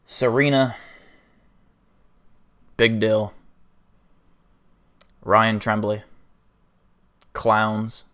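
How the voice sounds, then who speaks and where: A man's voice: fairly low pitch, steady tone, extremely slow, pauses often, a bit bright. A man hosting a livestream, telling an improvised story in a casual, rambling way with fillers and swearing. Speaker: livestream host.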